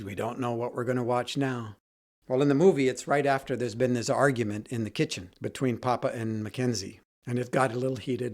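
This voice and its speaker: A man hosting his own podcast, telling a personal story and acting out quoted dialogue with lively shifts in voice. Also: medium pitch, creaky. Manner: retells scenes, quoting dialogue in lively voices. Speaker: podcast host.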